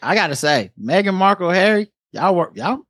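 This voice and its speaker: A woman co-hosting a podcast in casual chat from the United States, loud, profane and joking. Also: lowish voice, very animated, moderate pace, dry recording. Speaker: podcast co-host.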